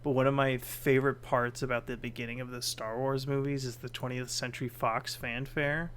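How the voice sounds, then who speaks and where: A man joining a podcast as its editor, chatting casually, animated, joking and swearing with frequent laughs. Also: mid-range voice, brisk, a little hiss or hum. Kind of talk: casual chat.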